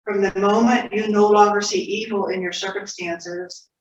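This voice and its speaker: A woman's voice: mid-range voice, very animated, moderate pace. Woman, sermon, conversational storytelling, echoey hall, distant mic. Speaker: speaker at a spiritual center. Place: spiritual center hall. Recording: roomy, distant, dull hall audio with faint noise.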